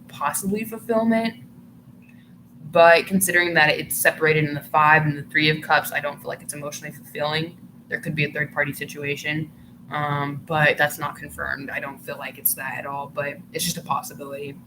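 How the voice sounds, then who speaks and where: A woman giving a casual tarot reading to her viewers, chatty and full of "like" fillers, who sometimes breaks into giggles. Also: low voice. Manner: chatty, filler-heavy, often says "like". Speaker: tarot reader. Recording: noticeable background noise.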